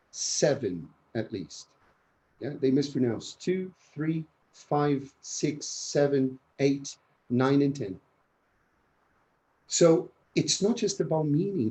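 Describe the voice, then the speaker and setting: A man's voice: medium pitch, rough recording. A man training teachers in an online conference talk, speaking energetically and often checking in with "yeah?". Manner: energetic, keeps asking "yeah?". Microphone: video call.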